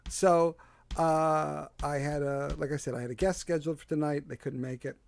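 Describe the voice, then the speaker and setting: Hosting alone from his home porch, a man with a Delaware County Philadelphia accent rambles through a casual livestream, self-deprecating and heavy on fillers. He talks at normal speed into a desk mic, his fairly high voice creaky but steady.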